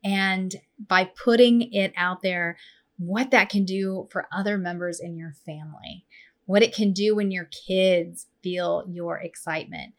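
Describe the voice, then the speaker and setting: A woman in her thirties hosting a podcast, chatting casually and telling stories with animated, playful touches. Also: fairly low pitch, a little slow. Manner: warm, animated storytelling with playful voices. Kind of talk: casual conversation.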